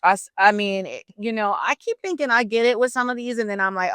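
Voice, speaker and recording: Chatty woman host with a smooth voice. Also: medium pitch, brisk, no room sound. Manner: animated, chatty, slangy asides. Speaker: podcast host. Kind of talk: casual faith-based storytelling.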